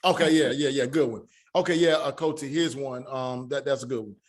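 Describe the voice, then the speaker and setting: A man's voice: medium pitch, fairly even intonation. Man teaching Hebrew sounds online. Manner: halting, many fillers and restarts; spells out sounds slowly.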